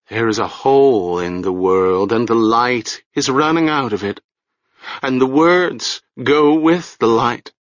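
A man voicing a ragged, half-mad old woman with a hoarse, shrill voice and a rambling, fearful way of speaking. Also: a bit bright, no room sound, dull audio.

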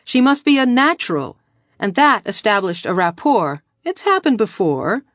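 A woman's voice: medium pitch, very animated, moderate pace, a bit bright, no room sound, clean studio sound, voice pushed up. A woman voicing an earnest alien colonist arguing a point.

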